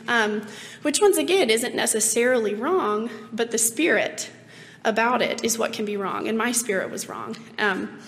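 A woman in her late twenties speaks with a hoarse, rough voice that sits a little high. She gives a reflective personal faith testimony, pausing on ums and speaking earnestly. The recording has a long, trailing reverb. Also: fairly bright tone. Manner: earnest and reflective, with frequent ums and light laughs. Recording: long reverb, faint background noise.

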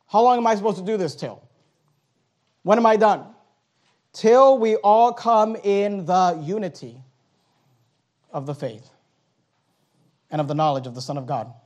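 High-voiced emphatic male pastor. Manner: emphatic preaching with sudden drops to a hush. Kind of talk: sermon.

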